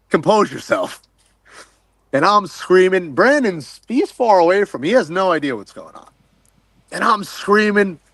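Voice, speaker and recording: Excitable male diver telling a story. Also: a little high, dry recording. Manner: excitable, swears casually, acts out his own quotes. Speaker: wreck diver guest. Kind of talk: animated storytelling.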